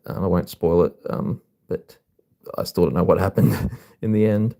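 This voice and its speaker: Guy chatting on his live stream, low gravelly voice, lots of ums. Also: normal speed. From Australia. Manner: relaxed, with many filler ums. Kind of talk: casual live-stream chat.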